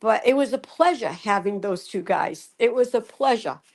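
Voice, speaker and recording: An older woman who runs an animal rescue, speaking on a video call, excitable and repeating herself. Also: medium pitch, moderate pace. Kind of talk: casual chat on a video call.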